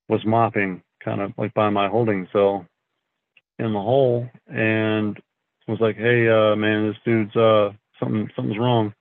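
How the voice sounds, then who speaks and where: Slow gravelly man, phone-thin sound. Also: fairly low pitch, dry recording, narrow, tinny audio. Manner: slow, halting, frequent throat clearing and fillers. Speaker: podcast guest. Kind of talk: casual storytelling.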